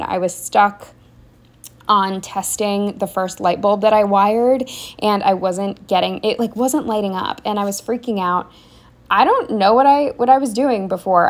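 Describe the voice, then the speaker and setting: A young woman talking casually to camera about her week, rambling with lots of fillers and restarts. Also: lowish voice. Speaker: vlogger. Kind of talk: casual diary-style chat.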